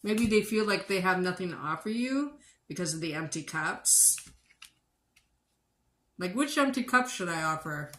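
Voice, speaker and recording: A woman giving a livestream tarot reading, blunt and sarcastic and quick to swear. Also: lowish voice, lively intonation, a bit bright. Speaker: tarot reader. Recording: echoey room with background noise.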